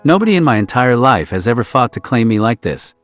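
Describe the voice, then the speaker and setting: A man's voice: mid-range voice, big pitch swings, fairly quick, soft background music, natural voice. A man voicing a vulnerable young man who swears often and speaks with earnest emotion. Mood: tender.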